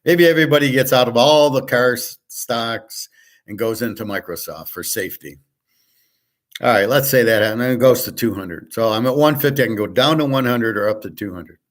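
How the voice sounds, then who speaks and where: A man's voice: mid-range voice, brisk. A man talks alone in a loose, rambling monologue, blunt and sarcastic, dropping curses and restarting his sentences. His voice sits in an ordinary middle range. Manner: opinionated, sarcastic. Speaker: host giving market and poker tips. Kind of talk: casual solo monologue.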